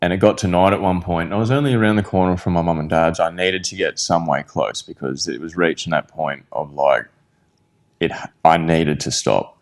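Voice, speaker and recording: A very deep-voiced Australian man talks as a podcast guest. His story comes out candid and halting, full of restarts and swearing.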